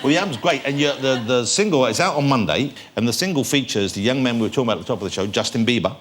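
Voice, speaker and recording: A British man hosting a studio talk show, his voice in a middle pitch. He asks questions wryly and loves to tease his guest. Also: lively intonation, rapid-fire, noisy background. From England. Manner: wry, teasing questioning. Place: television studio with audience.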